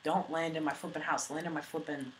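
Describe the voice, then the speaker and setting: A man's voice: fairly high pitch, flat delivery, fairly quick, background noise. A teenage boy gamer, jumpy and jokey, chatting while playing. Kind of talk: casual gaming commentary.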